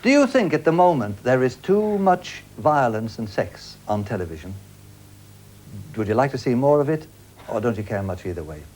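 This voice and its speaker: Jokey game show host, lively pitch. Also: male voice, moderate pace. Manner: jokey, teasing, lively patter. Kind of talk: game show hosting, joking. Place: TV studio with audience.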